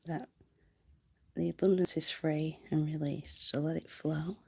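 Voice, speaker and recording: Woman streamer, low and unhurried, giggles and whispers into a close mic. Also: fairly even intonation, vocal fry, husky. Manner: chatty, giggly, often whispering. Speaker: livestreamer. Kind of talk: casual livestream chat.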